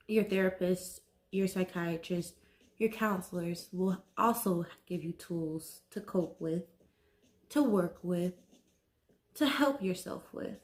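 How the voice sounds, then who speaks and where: A woman vlogger talking to camera about mental health, nervous and slow, halting often and saying "like" a lot. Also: medium pitch, darkish tone. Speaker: wellness vlogger. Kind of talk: casual talk to camera.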